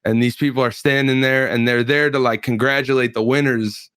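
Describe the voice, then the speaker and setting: Easygoing young man with a smooth voice. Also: medium pitch, fairly even intonation, fairly quick, fairly bright tone, no echo, studio quality. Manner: laid-back storytelling, heavy slang and fillers. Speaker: pro fighter guest on a podcast. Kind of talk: casual chat.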